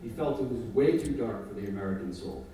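A man telling a personal story on stage with an audience, animated and self-mocking, building into rants, from a distant mic in an echoey hall. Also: medium pitch, quick pace, slight background noise.

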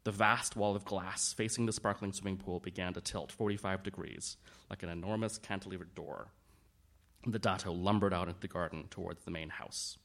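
A man narrating an audiobook in a measured storytelling manner. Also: low-pitched, fairly even intonation, fairly bright tone. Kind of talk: scripted narration.

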